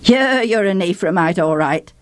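A woman voicing a male soldier guard who talks curtly and roughly. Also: mid-range voice, lively intonation, moderate pace, no room sound, lightly acted. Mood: stern. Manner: curt and rough.

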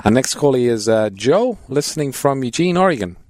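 Male pastor co-host, calm and teacherly, dry studio sound. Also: medium pitch, brisk, no echo. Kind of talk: call-in radio Bible answers.

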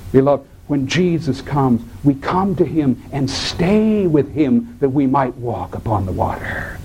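A man preaching a sermon in a dramatic way, swinging from raised, drawn-out lines to hushed, low asides, and acting out the voices he quotes. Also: a little hiss or hum, rough recording. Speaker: pastor.

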